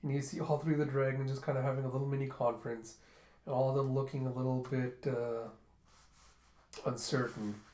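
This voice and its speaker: A man's voice: mid-range voice, little pitch movement, fairly quick, a little mellow, a little hiss or hum. A young man casually reading through and retelling a comic volume, chatty and loose, narrating scenes with "he's like". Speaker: comic reviewer. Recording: roomy echo.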